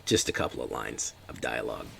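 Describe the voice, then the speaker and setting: Deep gravelly guy streaming a card game, joking around, faint noise behind. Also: expressive, a little fast, a bit bright. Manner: joking, chatty, talks to chat. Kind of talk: casual gameplay commentary.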